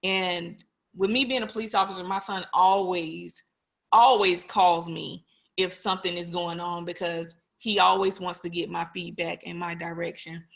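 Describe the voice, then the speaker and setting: A woman's voice: on the low side, steady tone, moderate pace, vocal fry, a bit bright. A woman in her forties, a police officer, giving an earnest, personal talk to an online audience and putting questions to them directly.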